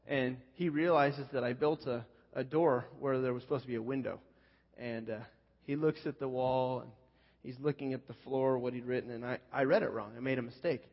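A man telling a personal story as a pastor in a sermon, talking in a loose, conversational, self-deprecating way full of fillers. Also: mid-range voice. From California Central Coast. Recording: muffled sound with long hall reverb.

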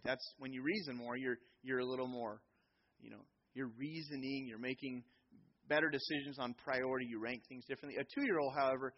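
A middle-aged man preaching a sermon in a church, animated, sometimes acting out children's voices. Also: fairly high pitch, husky, highs cut off. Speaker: pastor.

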